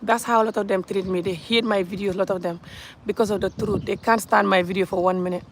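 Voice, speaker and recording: A woman with a Gambian accent speaks straight to camera in a blunt, repetitive vlog rant. She pushes her points hard and laughs between them. Her voice sits in a middle pitch, with a faint hiss of noise behind it. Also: fairly even intonation, fast talker. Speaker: vlogger. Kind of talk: ranting vlog monologue.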